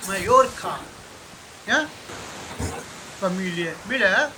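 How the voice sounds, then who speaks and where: A man teaching German in an online lesson, reading slowly and correcting pronunciation. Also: sits high, lively intonation, noisy background.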